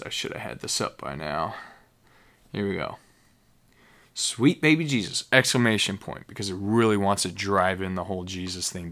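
A man's voice: on the low side, a bit bright. A man hosting a casual solo podcast, rambling enthusiastically with many fillers and restarts. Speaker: podcast host.

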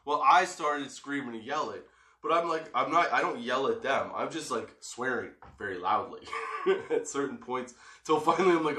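In an echoey room, a middle-aged dad vlogs casually, wandering through a story while swearing without restraint and breaking into laughter. He speaks at a moderate pace with medium pitch and a sharp tone.

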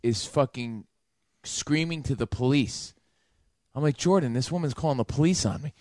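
A man's voice: mid-range voice, moderate pace, a little mellow, no echo, studio quality. A man telling a story in casual, profane banter, mimicking the people in it.

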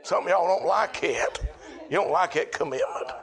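A middle-aged man preaching a sermon, chanting in a repetitive cadence that rises to shouts. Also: fairly high pitch, expressive, moderate pace, creaky, a crowd in the background.

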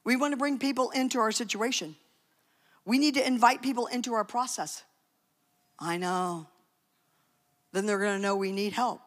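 A woman's voice: a little high, normal speed, long pauses. A woman preaching a sermon in a conversational, emphatic way, with joking asides. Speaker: speaker at a church talk.

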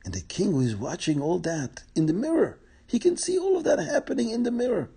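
Brief: male folk-tale teller, dark husky voice. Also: sits high, sing-song, fairly quick. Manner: plain, repetitive, explaining to listeners. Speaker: storyteller. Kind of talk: oral folk tale storytelling.

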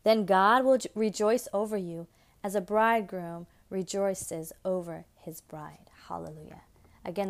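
A woman hosting a devotional podcast, talking earnestly and preaching, repeating phrases for emphasis. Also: lowish voice. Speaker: podcast host.

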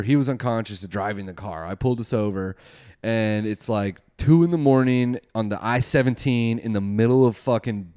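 A man's voice: mid-range voice, dark tone, clean tone. A young man casually telling a wild story, rambling, swearing a lot and laughing often.

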